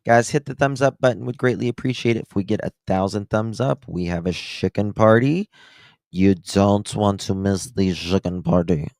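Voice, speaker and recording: A man's voice: on the low side, normal speed, gravelly, darkish tone, no room sound, studio quality. A male channel host giving sarcastic, incredulous commentary on played clips. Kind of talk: reaction commentary.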